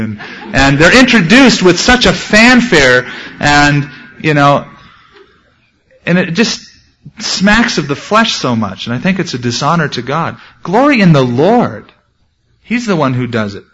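A man preaching a sermon as a pastor, speaking earnestly and slowing down to read scripture. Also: a little high, sing-song, a bit bright, breathy edge, rough recording.

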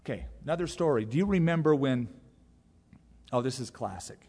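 A man preaching a sermon as a pastor, telling the story in a lively way and briefly acting out the characters' lines. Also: mid-range voice, a little hiss or hum. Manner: animated storytelling, acting out the characters in quick voices. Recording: long hall reverb.

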